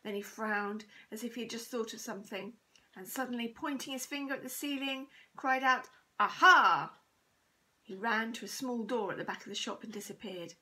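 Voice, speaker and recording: A woman teacher reading a children's chapter book aloud, steady and expressive. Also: on the high side, brisk, poor audio. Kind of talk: storybook read-aloud.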